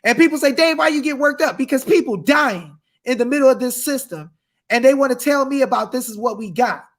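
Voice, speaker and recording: Fiery high-voiced preacher man. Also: expressive, brisk. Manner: fiery, shouting, reads scripture aloud. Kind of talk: impassioned preaching.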